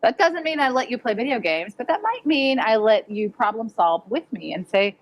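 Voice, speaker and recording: Addressing parents at a conference hall, a middle-aged female educator keeps her talk plain, chatty and direct, with fillers such as "like." She speaks at normal speed with hardly any pauses in a fairly high, sing-song voice, captured in dull audio.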